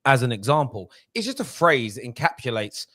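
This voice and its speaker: A man's voice: medium pitch, big pitch swings, fairly quick, fairly bright tone, no room sound. Ranting, sweary man on a podcast. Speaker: podcast host. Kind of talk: casual football podcast chat.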